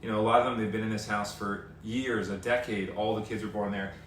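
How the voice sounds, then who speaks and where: A man's voice: lowish voice, steady tone, fairly quick, a little hiss or hum. A man in his thirties hosting a casual live-stream chat at home, joking and breaking into sung bits. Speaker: TV host. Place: home, indoors. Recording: echoey room from a distance with faint ambience.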